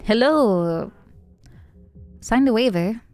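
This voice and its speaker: A woman streamer chatting casually while playing a game, playful and giggly, thinking out loud. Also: on the high side, expressive, takes it slowly, soft background music. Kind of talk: casual gaming chat.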